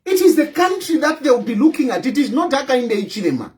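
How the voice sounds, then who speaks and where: A man's voice: very high voice, sing-song, quick pace, darkish tone. A Zambian man with a Zambian accent, an opposition party leader giving impassioned political commentary, emphatic and scolding, repeating his points.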